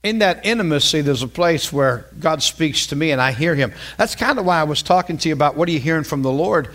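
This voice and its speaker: A middle-aged man preaching as a pastor, telling a story in a conversational, animated way and repeating phrases for emphasis. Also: fairly high pitch, fast. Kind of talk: storytelling sermon.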